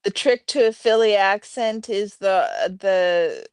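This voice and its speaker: Chatting from home on a casual livestream, a woman reads comments and addresses viewers, and her pets, by name. She speaks slowly in a mid-range voice with a darkish, clean tone, recorded dry.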